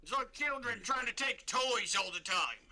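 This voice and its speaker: A man's voice: extremely high pitch, expressive, normal speed, bright, forceful tone, exaggerated voice. A man voicing a blunt, dismissive male guard captain in a tabletop game. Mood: gruff.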